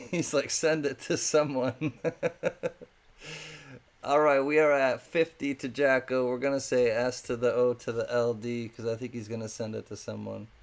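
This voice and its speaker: A man hosting a live-stream coin auction in a chatty, casual way, thanking viewers by name between calls. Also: medium pitch.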